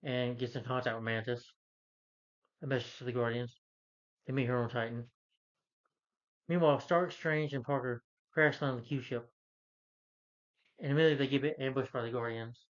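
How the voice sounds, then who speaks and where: A man retells a film's story in loose, casual talk, stumbling over names and correcting himself. His voice sits at an ordinary middle pitch. The recording sounds muffled and lo-fi. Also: steady tone, moderate pace, pauses often. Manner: rambling, many fillers and self-corrections. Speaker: film reviewer. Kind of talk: casual movie plot recap.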